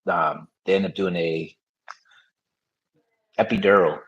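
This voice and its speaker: A man's voice: low voice, steady tone, takes it slowly, husky, muffled recording. A man as a podcast guest, telling his story in frank, casual conversation with many fillers.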